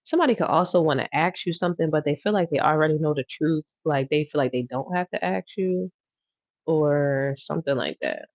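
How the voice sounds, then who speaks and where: Casual tarot livestreamer, woman, lower voice, teasing and laughing, dry lo-fi mic. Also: brisk, darkish tone, dry recording. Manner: laughing, drawling, teasing, repeating phrases. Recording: dry, dull lo-fi sound.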